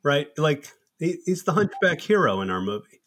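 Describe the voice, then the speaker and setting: A man telling salty, animated stories about his comedy troupe in a casual podcast chat. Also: a little high, moderate pace. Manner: profane, animated anecdotal storytelling. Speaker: comedy troupe member, co-host.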